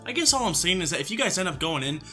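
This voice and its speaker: A man's voice: high-pitched, big pitch swings, racing, bright, forceful tone, soft background music. A man giving mocking, sarcastic commentary as he reacts to posts. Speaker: YouTube commentator.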